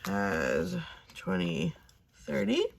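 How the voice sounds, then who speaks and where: A woman's voice: low-pitched, huge pitch swings, very slow, gravelly, a little hiss or hum. A woman in her thirties chatting casually to camera at home, rambling and talking herself through her plans with many fillers. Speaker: cash budgeting vlogger.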